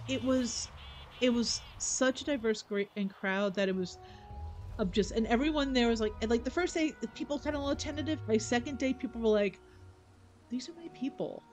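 A woman streaming a game, chatting casually and rambling with lots of fillers and self-corrections. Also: on the high side. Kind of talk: casual gaming chat. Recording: faint background noise.

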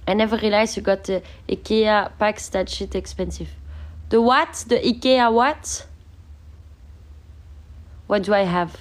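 A young woman, sick, chatting casually on a livestream from her bedroom, reading out viewer comments and laughing often. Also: medium pitch.

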